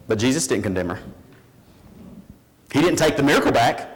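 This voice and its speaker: A man preaching a sermon in a church, telling a story in an animated, emphatic way. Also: mid-range voice, moderate pace, pauses often, big-room sound, rough recording.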